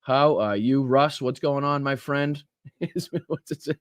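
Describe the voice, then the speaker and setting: A man's voice: mid-range voice, unhurried, dry recording, studio quality. A man with a Boston accent hosting a live podcast, energetically greeting viewers in the chat. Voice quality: energetic, shout-outs to viewers. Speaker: podcast host.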